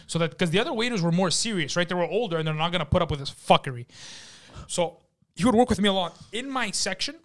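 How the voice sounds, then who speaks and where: Profane, animated young man telling stories. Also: high-pitched, quick pace. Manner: profane, animated storyteller, acts out shouted quotes. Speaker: podcast host. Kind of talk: casual storytelling chat.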